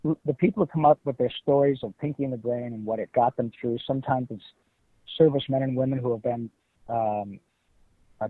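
A middle-aged man from Detroit, telling stories as an interview guest in an animated, emphatic way. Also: medium pitch, no echo. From Detroit, USA. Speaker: guest voice actor. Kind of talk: casual interview. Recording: tinny phone-like line.

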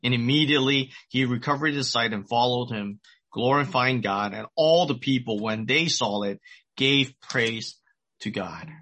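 A man's voice: mid-range voice, moderate pace, bright, forceful tone. A middle-aged man preaching a sermon, retelling a story earnestly and repeating his key points. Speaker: pastor.

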